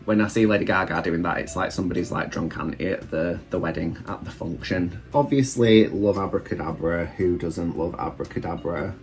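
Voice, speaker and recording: A man's voice: low-pitched, fairly quick, few pauses. A British man, a drag queen, chatting casually and self-deprecatingly while doing his makeup at home. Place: room at home. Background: faint background music.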